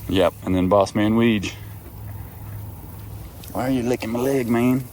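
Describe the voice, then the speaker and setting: Standing in the goat pen outside, a farmer and vlogger playfully chats with his goats in a warm, casual way. His voice is fairly low and darkish, measured in pace, with slight background noise.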